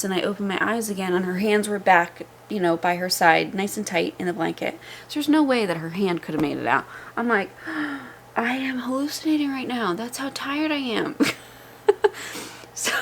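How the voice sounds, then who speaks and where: A woman's voice: medium pitch, slight background noise. A young woman vlogging casually at home, candid and chatty with frequent laughter, sounding exhausted. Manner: chatty and candid, laughs often, rising excitement. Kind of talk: casual chat. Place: at home, indoors. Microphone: vlogging microphone.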